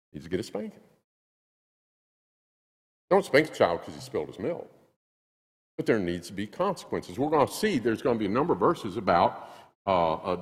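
A male pastor preaching a sermon in a church, emphatic and animated, acting out little scenes. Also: lowish voice, long reverb tail. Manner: animated, acts out quotes, emphatic repetition. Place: church sanctuary.

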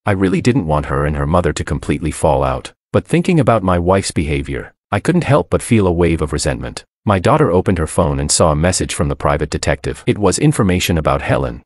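A man's voice: low voice, no room sound, studio quality. A man narrating a dramatic first-person story in a scripted, emotional reading.

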